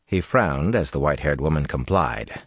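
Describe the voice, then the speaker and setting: Deep-voiced male audiobook narrator. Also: lively intonation, moderate pace, fairly bright tone, slightly rough, dry recording, clean studio sound. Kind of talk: scripted narration.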